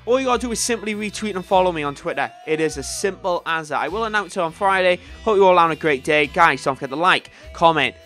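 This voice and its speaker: A man's voice: sits high, fast, few pauses, soft background music. A young man commentating on his own football video game, upbeat and talking straight to his viewers. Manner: excitable, upbeat, talks to viewers. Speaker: gaming video host.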